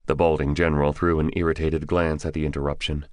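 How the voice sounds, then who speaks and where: A man reading a thriller audiobook in a measured, descriptive narration. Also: rumbling low, flat delivery, no echo, studio quality. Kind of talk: scripted narration.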